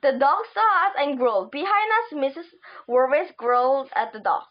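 A woman reading a children's book aloud, halting and stumbling over words. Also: sits high, very animated. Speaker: audiobook reader. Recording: dull lo-fi recording.

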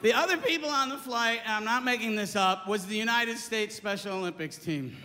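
A male stand-up comedian telling a true story on stage, animated, swearing freely and jumping into character voices. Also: sits high, a little fast. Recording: reverberant club with clear background noise.

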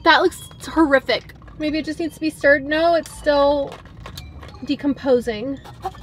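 Parked in her car, a young vlogger over-dramatically recoils at the drinks she's tasting, speaking at a measured pace in a high voice. A little hiss or hum is audible.

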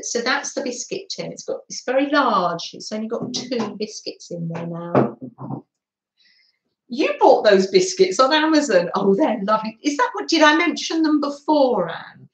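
A middle-aged British woman hosting a live art stream, chatting casually with viewers and laughing often. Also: mid-range voice. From Britain. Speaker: livestream art host. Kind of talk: casual livestream chat. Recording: roomy echo.

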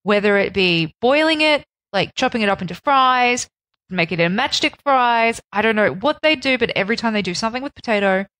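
Lively woman co-host, dry close sound. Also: a little high, brisk, no echo. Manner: lively, reactive, chiming in. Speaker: podcast co-host. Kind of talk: casual chat.

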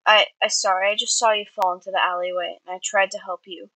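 A woman voicing a gentle, soft-spoken male villain who talks carefully. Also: mid-range voice, flat delivery, fast, no room sound, low-quality recording.

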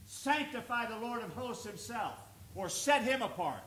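High, bright-voiced preaching pastor. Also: male voice, lively intonation, normal speed. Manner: preaching with rising emphasis, reading scripture aloud. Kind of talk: sermon. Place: church sanctuary. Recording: echoey church room with faint noise.

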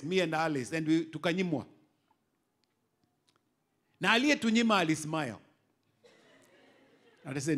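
A middle-aged Kenyan bishop preaching an animated sermon, moving from quiet asides to loud exhortation. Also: male voice, sits high, normal speed, pauses often. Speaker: bishop and pastor.

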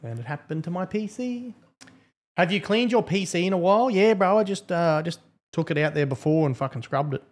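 A man's voice: high-pitched, lively intonation, fairly quick. A young man streaming a game, chatting casually, swearing often, blunt and grumbling between laughs. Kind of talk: casual live-stream chat while gaming.

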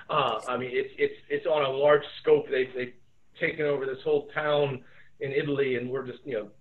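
A man teaching a lesson over a video call, in a relaxed, rambling way full of fillers. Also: mid-range voice, normal speed. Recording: tinny phone-like audio.

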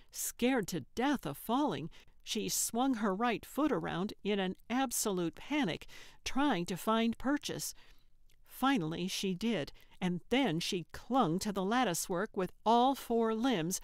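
A woman narrating an audiobook in a measured storytelling manner, on a close studio mic. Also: mid-range voice, animated, dry recording.

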